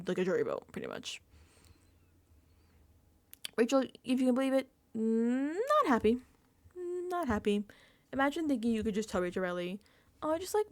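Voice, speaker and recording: A woman giving a casual, emphatic reality-show recap and reaction, talking fast with lots of fillers. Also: mid-range voice. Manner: animated, emphatic, filler-heavy chatter. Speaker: recap vlogger.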